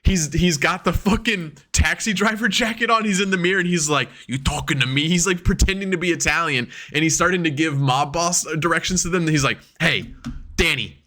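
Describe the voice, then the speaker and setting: A man co-hosting a podcast in casual chat, talking excitedly and profanely and acting out quotes as he goes. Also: high-pitched, a little fast, hardly any pauses. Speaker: podcast co-host.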